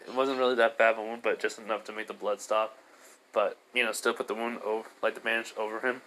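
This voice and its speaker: A man's voice: on the low side, level tone, fast, a bit bright, slight background noise, poor audio. A man casually retelling a fan-made story, rambling with frequent fillers and self-corrections. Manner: rambling, full of fillers and restarts.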